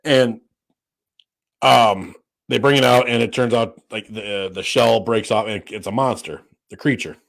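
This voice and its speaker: A man's voice: on the low side, a little slow, gravelly, fairly bright tone. A man co-hosting a podcast, chatting casually in a rambling way with many fillers and restarts, and swearing freely. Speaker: podcast co-host. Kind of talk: casual chat.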